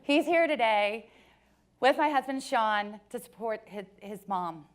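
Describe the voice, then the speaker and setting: A woman in her forties giving a personal storytelling talk to an audience, joking at times and turning soft and earnest at others. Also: on the high side, lively intonation, a little slow, clean tone. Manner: warm joking storyteller, switches between laughs and soft earnest passages. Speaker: company speaker.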